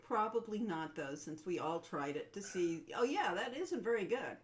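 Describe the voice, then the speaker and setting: A woman's voice: medium pitch, very animated, moderate pace. A woman co-hosting a game developers' livestream, chatting casually and reminiscing in a meandering way. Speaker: co-host of a game developers' stream.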